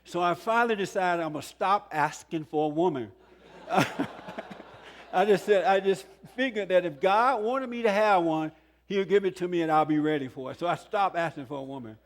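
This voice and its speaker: An older man in his sixties tells his own story to a conference audience. His voice sits a touch high for a man, and he speaks earnestly, with chuckles and emphatic peaks. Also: fairly quick. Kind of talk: testimony talk to a conference audience. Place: conference hall.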